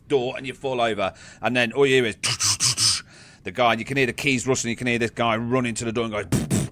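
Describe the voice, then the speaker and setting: A man's voice: on the low side, normal speed, a bit bright. A man narrating as game master in a casual, joking manner. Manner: casual, laughing, swearing narration.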